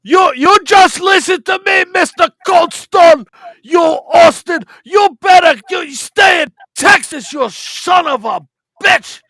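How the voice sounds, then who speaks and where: A man doing a shouting old wrestling heel. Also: very high-pitched, slow pace, no echo, voice pushed up, full character voice. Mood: ranting. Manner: shouting, insult-spitting rant with broken English. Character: ranting old wrestling villain, male, accented, profane. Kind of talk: comedic impression on a podcast.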